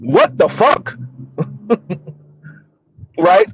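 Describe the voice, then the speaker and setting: A man's voice: a little high, expressive, unhurried, no room sound, dull audio. A man hosting a live stream, ranting and mocking as he comments, often swearing and laughing.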